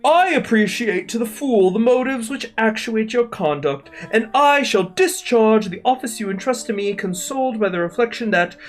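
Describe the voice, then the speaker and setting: A man doing a solemn, overly courteous gentleman who answers in ornate, stilted phrases. The pitch is raised high above a normal speaking voice, with a highfalutin, mock-refined manner. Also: animated, normal speed, few pauses. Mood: grandiloquent. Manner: highfalutin, elaborately formal mock-refined delivery. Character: solemn courteous man accepting a grave errand, overly formal.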